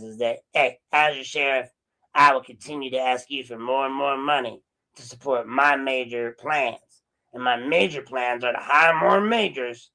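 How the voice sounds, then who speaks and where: A man's voice: medium pitch, gravelly, sharp tone, low-quality recording. A man mocking a smug crooked sheriff. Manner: boastful campaign-speech parody, profane. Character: smug corrupt male sheriff mocking himself.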